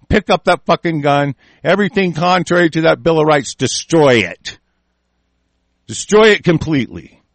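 A man's voice: a little high, dry recording. A man hosting a political broadcast, delivering an angry, profane rant full of restarts and repetition. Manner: profane, heated, repeating himself. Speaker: host of an online political broadcast.

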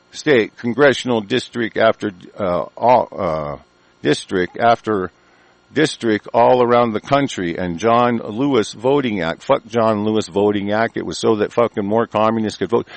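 A man hosting his own show, delivering an angry, profane rant. He breaks into shouted bursts and stumbles through halting restarts. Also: lowish voice, gravelly, no room sound. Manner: halting, many ums and restarts. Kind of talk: profane ranting commentary.

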